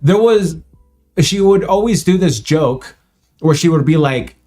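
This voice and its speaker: A man's voice: on the high side, expressive, measured pace, dark tone, faint music behind. A young man, Spanish-speaking since childhood, telling stories in casual livestream chat and laughing often. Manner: chatty storyteller, laughs often. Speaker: co-host of livestream.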